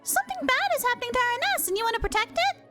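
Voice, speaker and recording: A woman voicing a tiny chirpy fairy companion girl, asking eager questions in a squeaky, quick voice. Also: very animated, loud music behind the voice. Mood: eager questioning.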